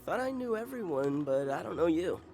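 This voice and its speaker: A laid-back small-town local. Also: male voice, fairly high pitch, very animated, fairly quick, a little mellow. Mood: easygoing. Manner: easygoing, blunt. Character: laid-back small-town man, coffee shop regular. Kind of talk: video game dialogue. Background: game music.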